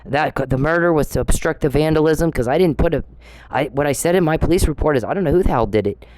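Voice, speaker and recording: A woman's voice: low voice, fast talker, a little mellow, slight background noise. A middle-aged woman giving an angry monologue to camera, confrontational and sarcastic, swearing and firing off rhetorical questions. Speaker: vlogger.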